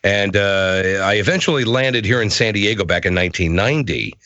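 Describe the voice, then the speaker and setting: A middle-aged man, a voice actor, telling stories as a guest in a casual interview, animated and self-deprecating. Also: fairly low pitch, a little fast, no echo, highs cut off.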